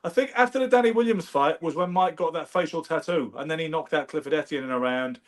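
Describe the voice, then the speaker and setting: Man, fast-talking, slightly high voice, casual anecdotal chat. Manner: animated, anecdotal, does brief impressions. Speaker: podcast host. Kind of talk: casual conversational storytelling.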